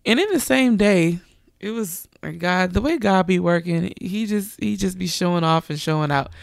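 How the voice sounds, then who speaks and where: Earnest preaching woman, gravelly, dry. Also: on the low side, normal speed, no echo. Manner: earnest testimony, animated quoting of others. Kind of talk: sermon.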